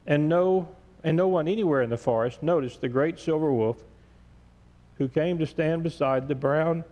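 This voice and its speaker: A male pastor reading a story aloud in a church sermon, gentle and measured. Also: on the high side. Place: large church sanctuary. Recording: echoey church sanctuary.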